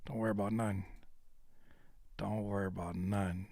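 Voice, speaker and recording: A man's voice: lowish voice, level tone, normal speed, darkish tone, no room sound, studio quality. A man hosting a music-reaction livestream, joking and repeating lines for effect in casual, profane chat. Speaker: livestream host reviewing music submissions.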